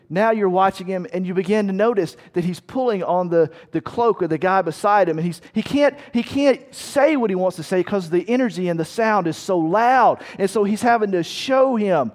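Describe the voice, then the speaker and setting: A man with a high voice preaches in a vivid storytelling manner. He speaks straight to his listeners and puts them inside a battle scene. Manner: vivid second-person storytelling, shouting quoted commands. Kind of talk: sermon illustration.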